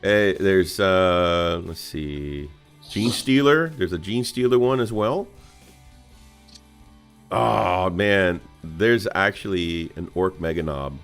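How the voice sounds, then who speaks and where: A man co-hosting a casual livestream chat about tabletop miniatures, laughing often and swinging between loud whoops and mutters. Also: low-pitched, slow, smooth, faint music behind. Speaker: podcast co-host.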